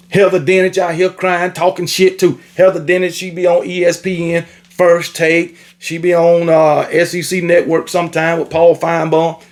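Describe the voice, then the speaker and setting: A man with a notably high voice rants at rival fans. He scolds and repeats himself, swearing freely in a loose monologue. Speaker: sports commentator. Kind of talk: ranting sports opinion monologue.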